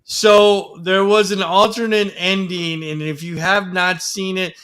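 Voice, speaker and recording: A man hosts a casual talk show, rambling and padding with fillers. His voice is bright and forward, pitched a little high. He talks like he's among friends. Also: flat delivery, measured pace, clear, resonant tone. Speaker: podcast host. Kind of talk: casual chat.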